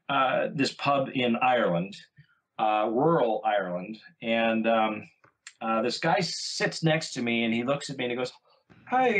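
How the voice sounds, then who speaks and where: A man from California, a voice actor, telling stories on a podcast in a relaxed, rambling way with many fillers. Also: medium pitch, low-quality recording. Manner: relaxed anecdotal telling, many ums and uhs. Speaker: guest voice actor. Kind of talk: casual storytelling on a podcast.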